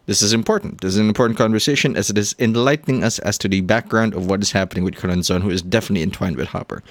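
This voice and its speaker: A man's voice: lowish voice, very fast, few pauses, no echo. A man hosting a gaming playthrough with casual, wry commentary. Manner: wry, joking asides. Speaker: host.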